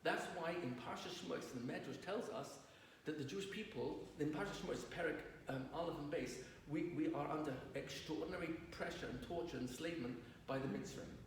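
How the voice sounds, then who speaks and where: A man's voice: on the high side, fairly quick, hardly any pauses. A man, a rabbi, giving a lecture to an audience, telling stories and asking the audience questions. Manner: storytelling, asks the audience questions. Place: lecture hall. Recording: roomy distant recording with faint noise.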